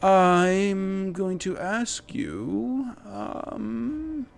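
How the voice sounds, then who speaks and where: A man's voice: medium pitch, wildly swooping pitch, takes it slowly, gravelly, soft background music, heavily acted. A man voicing a nosy male adventurer who asks questions in a drawling, hesitant way. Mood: probing.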